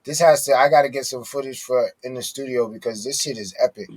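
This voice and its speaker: A man co-hosting a podcast, excitable and hyped, often repeating himself. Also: mid-range voice, fast talker, crowd noise. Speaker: podcast co-host. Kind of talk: casual podcast chat.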